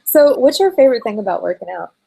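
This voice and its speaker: A woman's voice: fairly high pitch, very animated, quick pace, creaky, mellow, poor audio. A woman vlogger chatting casually on a live video call, rambling and laughing often. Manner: giggly, rambling, lots of likes. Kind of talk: casual live-stream chat.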